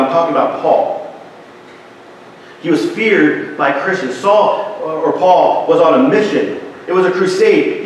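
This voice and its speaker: A man's voice: on the high side, slight background noise. Man preaching in an echoey church. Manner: conversational preaching with asides and restarts. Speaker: pastor. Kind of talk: sermon. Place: church sanctuary. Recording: echoey church hall from a distance.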